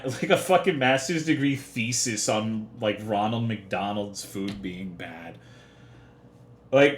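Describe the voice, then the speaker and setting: A young man livestreaming, chatting casually with his chat in profane, rambling, half-joking rants. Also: mid-range voice. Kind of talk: casual live-stream chat. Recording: echoey room.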